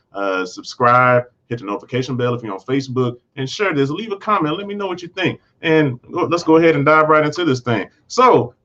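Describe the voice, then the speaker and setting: A man's voice: medium pitch, fairly bright tone, muffled recording. A man hosting a casual TV episode recap, rambling along with frequent restarts and self-corrections. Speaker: host.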